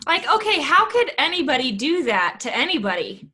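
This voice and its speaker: A woman co-hosting a podcast, chatting casually and reacting with giggles and animated comments. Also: sits high, moderate pace. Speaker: podcast co-host. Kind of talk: casual chat.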